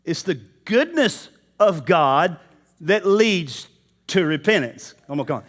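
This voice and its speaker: Man, preacher, high voice, conversational sermon, speaks straight to the crowd, church. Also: expressive, slow, a bit bright. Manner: conversational, addresses the congregation directly.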